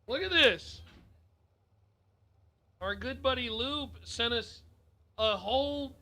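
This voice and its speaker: A chatty male track announcer with a high, ringing voice. He jokes and wanders off topic between runs, calling the racing in a loose, playful way. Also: takes it slowly, sharp tone. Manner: chatty, joking, easily distracted. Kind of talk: casual race-day commentary.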